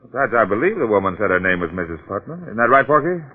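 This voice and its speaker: A probing police detective. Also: male voice, lowish voice, very animated, slightly rough. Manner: measured, probing questions. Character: shrewd male police detective, polite but probing. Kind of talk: 1940s radio acting. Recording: tinny old radio broadcast.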